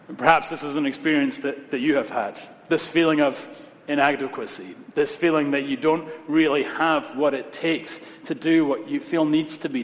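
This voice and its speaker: A man from Scotland, a pastor preaching a sermon with emphatic, repeated phrases and humorous asides. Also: mid-range voice. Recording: long reverb of a large hall.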